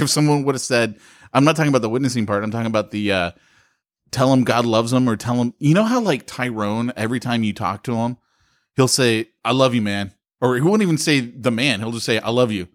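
A man of middle pitch chats on a podcast in a blunt, joking way. His voice sits close and dry on the mic. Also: dry recording. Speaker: podcast co-host. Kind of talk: casual chat.

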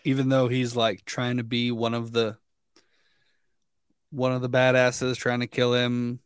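A man's voice: mid-range voice, monotone, measured pace, smooth, no echo. A young man joins a casual chat, talking in loose sentences full of restarts. His voice sits in a middle range. The sound is dry and close. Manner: rambling, many likes and restarts. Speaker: podcast co-host.

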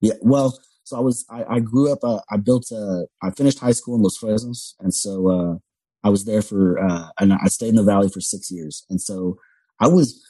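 A man's voice: lowish voice, moderate pace, warm tone, breathy edge, dry recording, rough recording. A comedian from Louisiana, a man who rambles and swears freely in casual podcast chat. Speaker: comedian guest.

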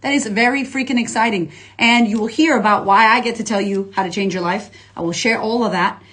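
Energetic, slangy woman life coach live. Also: a little high, a little fast. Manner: energetic, slangy and profane, reads out viewer comments. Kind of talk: casual livestream talk to followers.

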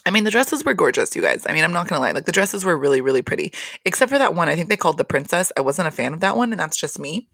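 A woman giving a casual solo recap of a reality show, rambling and expressive, swearing freely and laughing often. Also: lowish voice, rapid-fire, dry recording, studio quality.

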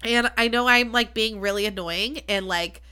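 A woman's voice: a little high, moderate pace, pushed and bright, clear, resonant tone. A woman hosting her own podcast, talking candidly and chattily, swearing freely and poking fun at herself. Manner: frank, swears freely, chatty and self-deprecating. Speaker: podcast host. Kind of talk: candid solo podcast talk.

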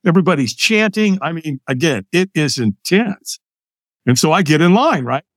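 An older American man, a podcast guest, telling a personal story in an animated way and acting out the lines of other people. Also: a little high, normal speed, dry recording, clean studio sound. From United States.

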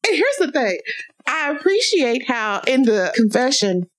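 A woman's voice: high voice, a little slow, rough recording. Outspoken laughing woman podcast host. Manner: animated, outspoken, laughs often. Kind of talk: casual podcast chat.

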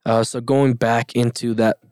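A man's voice: mid-range voice, little pitch movement, unhurried, darkish tone, smooth, no room sound, studio quality. A young man speaking as a podcast guest, telling personal stories earnestly in a casual conversation. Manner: earnest storytelling, laughs between lines. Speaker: interview guest.

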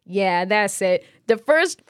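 A woman co-hosting a casual sibling podcast, telling stories with lively acted-out quotes, on a close mic. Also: slow, smooth, no echo. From United States. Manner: animated storyteller, acts out quotes with big pitch jumps. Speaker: podcast co-host.

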